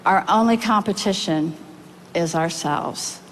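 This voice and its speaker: A woman preacher delivers a sermon in a lowish voice, telling a story with earnest pauses. A faint noise hums behind her. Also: poor audio. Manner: earnest storytelling, reading quotes aloud with pauses. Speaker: pastor.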